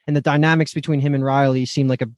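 A man's voice: mid-range voice, flat delivery, fast talker, a little mellow, no room sound, clean studio sound. A man co-hosting a podcast in casual chat, a bit hesitant as he goes through notes. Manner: hesitant, restarts while listing. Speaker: podcast co-host.

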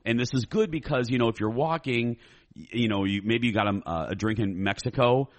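A man co-hosting a podcast, chatting in a relaxed, agreeable way and often restarting his words. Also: mid-range voice, a little fast. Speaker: podcast co-host. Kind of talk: casual chat.

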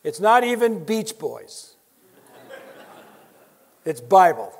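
A man's voice: sits high, very animated, slow. A man preaching a sermon, emphatic and building his points through repetition, with wry asides to the audience. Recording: long hall reverb.

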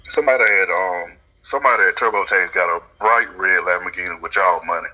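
Man, podcast co-host, teasing banter, low voice, husky. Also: a little fast, bright, forceful tone, poor audio. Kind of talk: casual comedic chat.

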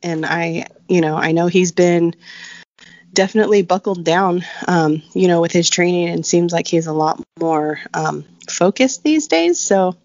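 A woman's voice: lowish voice, a little slow, darkish tone, no echo, lo-fi sound. A woman co-hosting a podcast in casual chat, reading out listener questions in an easygoing, hesitant way and giggling now and then. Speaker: podcast co-host.

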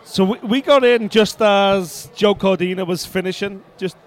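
A man co-hosting a podcast, telling a rambling, excitable story from arena seats at a boxing event. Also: high voice, normal speed. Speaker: podcast co-host. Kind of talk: casual storytelling.

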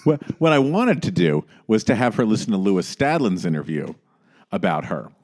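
Wry man with a lively voice. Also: fairly low pitch, normal speed. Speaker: podcast co-host. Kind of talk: casual chat, storytelling.

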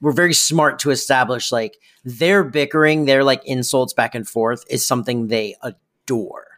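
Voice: medium pitch, normal speed, a bit bright. Podcast co-host, casual chat, enthusiastic, gushing, mid-range voice. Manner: enthusiastic, gushing praise with repeated words.

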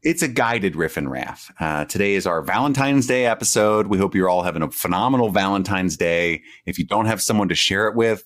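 A man co-hosting a podcast, joking and riffing casually with laughing asides. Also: on the low side. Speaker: podcast co-host. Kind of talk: casual chat.

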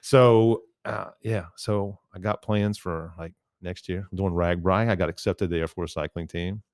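Man, deep voice, dry, casual chat, animated storytelling. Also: moderate pace, dry recording. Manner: animated storyteller, quotes others often. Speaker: podcast guest.

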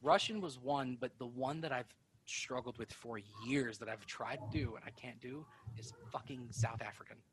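A male podcast host chats casually, talking fast and rambling, swearing offhandedly and dipping into mock accents. His voice is medium-pitched against a noisy background.

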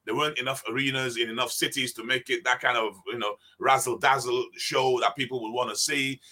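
A bright, forward-sounding voice belongs to this older man. He is a former basketball player who tells stories in a relaxed conversational way, slipping into the voices of the people in them. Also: medium pitch, fairly quick. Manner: animated, acts out dialogue in the stories. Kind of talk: conversational storytelling.

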